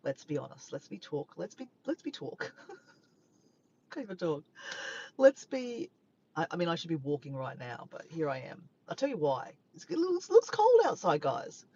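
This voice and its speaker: A woman's voice: low voice, big pitch swings, normal speed, darkish tone, lo-fi sound, slight background noise. A woman with an Australian accent, chatting casually to a live stream from her parked car, rambling and tripping over her words. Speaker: vlogger.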